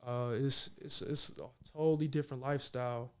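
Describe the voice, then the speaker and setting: A man in his thirties, a professional basketball player from Minnesota, chatting as a guest and telling lively stories in casual slang. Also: mid-range voice, brisk, smooth. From Minnesota, United States. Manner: animated storytelling, slangy, repeats "you know what I mean". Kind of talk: casual conversation.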